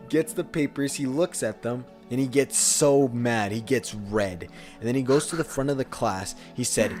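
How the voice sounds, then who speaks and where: A man's voice: medium pitch, a little mellow. A young man co-hosting a podcast, telling a story in a rambling, casual way with lots of fillers and bursts of laughter. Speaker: podcast co-host.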